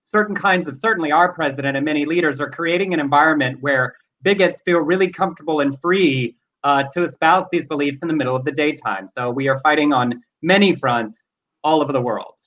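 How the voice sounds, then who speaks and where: A man's voice: a little high, brisk, fairly bright tone. Earnest male co-host, muffled audio. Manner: earnest, reflective. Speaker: talk show co-host. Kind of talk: casual news chat.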